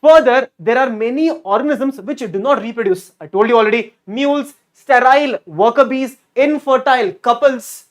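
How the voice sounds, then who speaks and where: A male teacher giving a lively online exam-prep lecture. He repeats key words and keeps quizzing his students. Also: extremely high pitch, normal speed, few pauses. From India.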